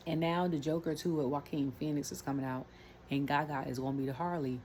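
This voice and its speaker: Brief: woman, low voice, rambling wrestling rant, faint room hiss. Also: steady tone, a little fast, a little mellow. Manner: rambling, chatty, many fillers and asides. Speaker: wrestling commentary vlogger. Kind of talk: casual rant.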